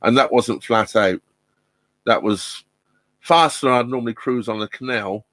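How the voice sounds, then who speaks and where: A man's voice: mid-range voice, moderate pace, fairly bright tone, no room sound. Bloke rambling on a laptop stream from his boat, ums everywhere, dry close sound. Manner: rambling and hesitant, many ums and restarts. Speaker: vlogger hosting a live stream. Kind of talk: casual live-stream chat. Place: inside a narrowboat cabin. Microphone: laptop mic.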